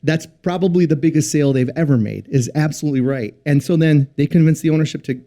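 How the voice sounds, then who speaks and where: A man's voice: fairly high pitch, fast, dark tone. A man guesting on a business podcast, explaining earnestly in a conversational way with many fillers. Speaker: podcast guest, company founder. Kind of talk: casual interview chat.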